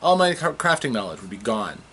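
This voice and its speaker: A self-serving male crafter from a tabletop game recap, voiced by a man retelling it. He talks in a matter-of-fact way, with pitch that swings widely. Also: very animated, fairly quick, a bit bright, a little hiss or hum.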